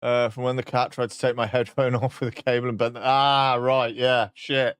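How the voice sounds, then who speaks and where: A man's voice: medium pitch, level tone, moderate pace, fairly bright tone, smooth, no echo, studio quality. A man streaming a casual chat, joking about himself and swearing now and then.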